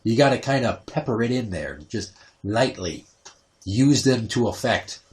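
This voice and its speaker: A man in his thirties hosts a crude, casual podcast chat. He swears freely and tells lively parenting stories. He jumps into other people's voices as he tells them. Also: mid-range voice, measured pace. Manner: profane, animated storytelling, acts out quotes. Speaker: podcast host.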